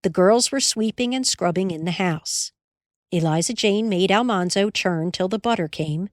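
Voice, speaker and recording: Slow, low-pitched woman storyteller. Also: no room sound, clean studio sound. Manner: measured, expressive. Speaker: audiobook narrator. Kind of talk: scripted storybook narration.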